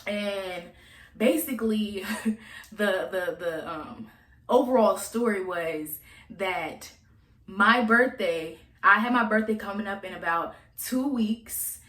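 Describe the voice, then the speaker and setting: A woman's voice: medium pitch, takes it slowly, pushed and bright. Blunt, chatty young woman in echoey room. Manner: blunt, profane, chatty storytelling. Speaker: vlogger. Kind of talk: casual storytime monologue.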